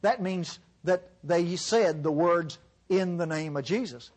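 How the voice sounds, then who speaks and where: A man's voice: high-pitched, takes it slowly. A middle-aged man preaching a sermon in a church, emphatic and repetitive, with sarcastic asides.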